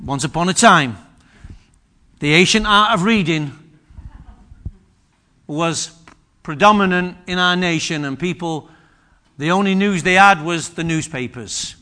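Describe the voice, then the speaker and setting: A man's voice: high-pitched, unhurried, long pauses, bright, forceful tone. A man preaching a sermon, repeating phrases for emphasis and restarting his sentences often.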